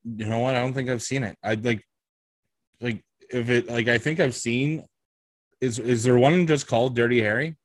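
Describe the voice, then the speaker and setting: A man's voice: mid-range voice, steady tone, moderate pace, no room sound. A man co-hosting a podcast in casual chat, talking in a rambling way with lots of fillers and restarts. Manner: rambling, hesitant, many fillers.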